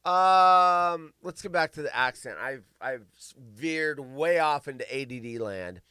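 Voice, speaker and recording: A man's voice: fairly high pitch, lively intonation, measured pace, sharp tone, clear, resonant tone, no room sound. A man hosting a casual chat show, reading news stories aloud with rambling jokes and stumbles. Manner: rambling, joking, stumbling over words while reading. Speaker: show host.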